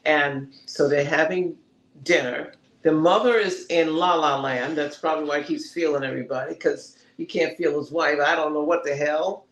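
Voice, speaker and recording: A man with a fairly high voice chats through a TV episode, scene by scene, and slips into the characters' lines as he tells it. The room gives his voice a clear echo. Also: moderate pace. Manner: animated, retells scenes and acts out the characters' lines. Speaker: podcast co-host reviewing a TV episode. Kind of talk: casual review chat. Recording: roomy echo.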